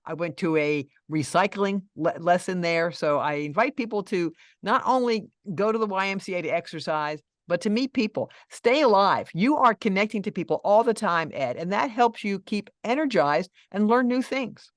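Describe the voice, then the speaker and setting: A woman's voice: medium pitch, expressive, normal speed, hardly any pauses, dry recording. Friendly older lady on a video call, cheerful, dry close sound. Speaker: podcast guest. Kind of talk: casual interview chat.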